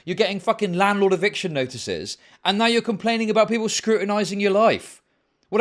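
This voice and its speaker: A young male streamer with a higher-than-usual voice that leaps up and down as he rants. He talks in a heated, sarcastic way and swears freely. It sounds like live commentary to his viewers. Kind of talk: ranting livestream commentary.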